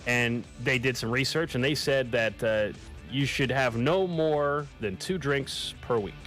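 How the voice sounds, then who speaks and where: A man's voice: mid-range voice, a little slow, a bit bright, soft background music. A man co-hosting a sports radio show, steadily leading the segments. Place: radio studio.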